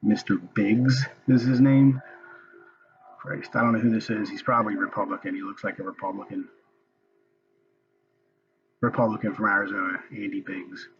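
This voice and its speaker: A man's voice: fairly low pitch, fairly even intonation, normal speed, long pauses, muffled recording, background noise. A man ranting casually and angrily about a hearing he is watching, swearing often. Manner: profane, angry ranting. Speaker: political commentator. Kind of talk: casual recorded commentary.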